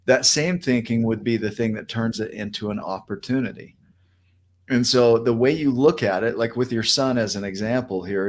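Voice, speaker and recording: A man's voice: on the low side, slight background noise. A man hosting a podcast, talking things through in a reflective, coaching way. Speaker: podcast host. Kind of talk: conversational interview.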